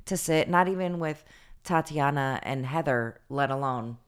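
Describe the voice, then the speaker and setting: A woman with a low-pitched voice, chatting on a podcast. She tells a story in a loose, animated way, full of "like" and quoted asides. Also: moderate pace, clean tone. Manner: chatty, animated retelling with lots of fillers. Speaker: podcast co-host. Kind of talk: casual storytelling chat.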